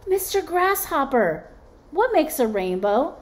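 A woman's voice: high voice, very animated, slow pace, pitched above the performer's own voice, full character voice. A woman voicing a small, curious young rabbit in a storybook read-aloud, asking eager questions.

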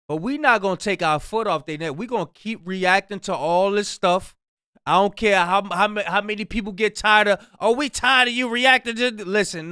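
Male reaction host, exasperated and sermonizing, smooth high voice. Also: bright, forceful tone, dry recording, clean studio sound. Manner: preachy, exasperated asides. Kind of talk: casual reaction commentary.

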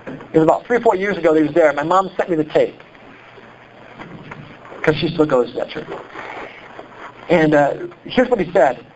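A pastor from Iowa with a Midwestern accent, preaching a sermon in an animated, conversational way full of rhetorical questions. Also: male voice, fairly high pitch, normal speed, pauses often, muffled recording, slight background noise. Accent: Midwestern American.

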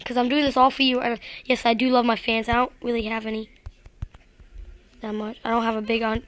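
A woman's voice: fairly high pitch, flat delivery, quick pace, dry recording. A woman giving rambling, self-deprecating gameplay commentary straight to her viewers. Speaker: gaming video creator.

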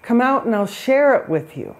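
A woman's voice: a little high, big pitch swings, normal speed. A woman voicing a sly male wolf who stands for the ego, coaxing and tempting as she tells a spoken story. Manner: wheedling, tempting.

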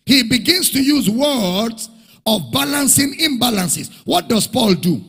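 Man preaching, high lively voice, slow and emphatic, husky, long echo in a big church hall. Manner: emphatic, repeats key phrases, calls for audience response. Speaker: pastor. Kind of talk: sermon.

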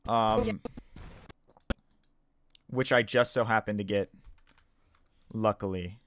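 A man's voice: lowish voice, fairly even intonation, slow, noisy background. A man, just woken up, explaining himself in a casual video commentary, defensive and stumbling, repeating and restarting his sentences. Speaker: gaming YouTuber.

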